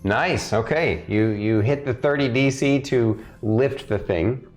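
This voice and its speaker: A man's voice: mid-range voice, measured pace, soft background music. A man narrating a tabletop game as game master, with laughing, rambling asides.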